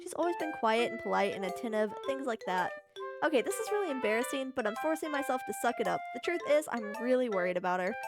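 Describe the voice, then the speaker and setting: Woman voicing a worried, blunt young game girl, earnest pleading read, somewhat high voice, clear music behind. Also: very animated, quick pace. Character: worried, blunt young female club member.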